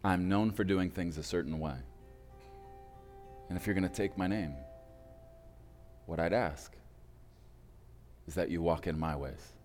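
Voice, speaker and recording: A man's voice: deep voice, in a large hall, faint music behind. A man voicing a grave wealthy old father. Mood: somber. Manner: slow, quiet and grave. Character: somber wealthy powerful older father.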